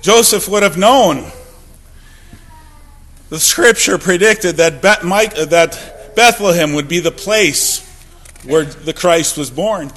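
A man preaching a sermon from the pulpit, swinging from loud declarations to hushed, low passages. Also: slow pace, long pauses. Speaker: pastor.

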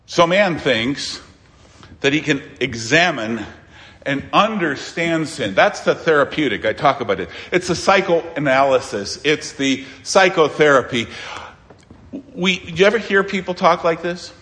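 Man, pastor, sermon, fairly high voice, very lively pitch, emphatic, sudden hushed asides. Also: long reverb tail. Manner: emphatic preaching with dramatic pauses and sudden quiet asides.

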